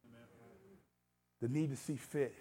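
A man's voice: medium pitch, steady tone, normal speed, dark tone, husky. An American man preaching a sermon in a church, telling his story casually and then pressing his listeners with urgent exhortation. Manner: earnest, building to urgent exhortation. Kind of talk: sermon with personal testimony. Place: church sanctuary.

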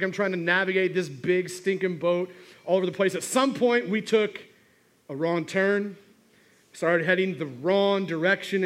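A middle-aged pastor, preaching a sermon as a humorous personal story full of restarts. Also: male voice, high-pitched, a bit bright.

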